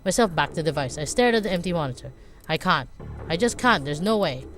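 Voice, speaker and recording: A woman's voice: low-pitched, expressive, fast talker, fairly bright tone, soft background music. A woman reading a game's first-person narration as a frightened, desperate young woman. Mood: terrified. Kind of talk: game text read aloud.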